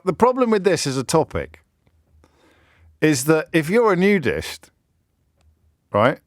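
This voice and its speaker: A man's voice: mid-range voice, no room sound. An English man hosting a radio phone-in in a studio, wry and rambling, joking at his own expense and searching aloud for words. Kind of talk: talk radio monologue.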